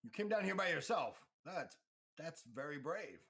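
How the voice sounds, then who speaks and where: A man voicing a jovial, sly male station boss with theatrical, drawn-out words. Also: on the high side, very animated, creaky, a bit bright, pitched above the performer's own voice, heavily acted.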